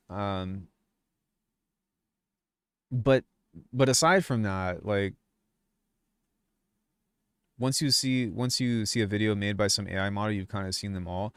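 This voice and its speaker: Here a young man who makes music and posts on YouTube goes off in a casual livestream rant, cursing heavily, rambling, and getting fired up. His voice is mid-range, recorded on a dry mic with no room sound.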